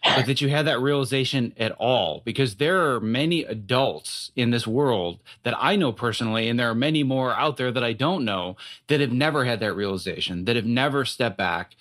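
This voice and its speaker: A man hosts an interview and asks long, winding questions. His voice sits at an average pitch and sounds conversational. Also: lively intonation, moderate pace, few pauses, a bit bright.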